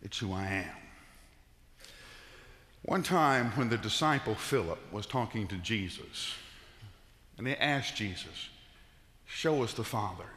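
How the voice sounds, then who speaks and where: A man's voice: lowish voice, lively intonation, a little slow, pauses often, bright, forceful tone. Man, middle-aged, pastor, sermon, folksy with fillers, echoey sanctuary, long reverb. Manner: folksy storytelling with frequent "uh" fillers. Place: church sanctuary. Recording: reverberant church hall.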